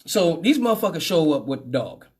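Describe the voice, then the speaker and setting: A man's voice: a little high, fairly quick, breathy edge. A middle-aged man hosting a radio talk show, telling a comic story with plenty of swearing and laughter. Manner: animated, profane, laughing often.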